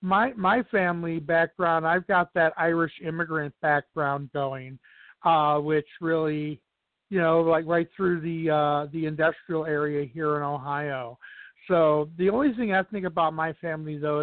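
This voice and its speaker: A man's voice: on the high side, fairly even intonation, moderate pace, dry recording. A man as a podcast guest in casual chat, rambling through anecdotes with many restarts. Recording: dry tinny phone-like sound.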